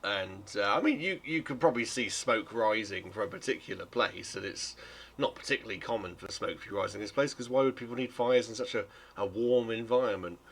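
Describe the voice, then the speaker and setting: A man's voice: on the low side, brisk, few pauses, a bit bright, husky. A man running a tabletop game as game master, narrating in a rambling way and correcting himself as he goes.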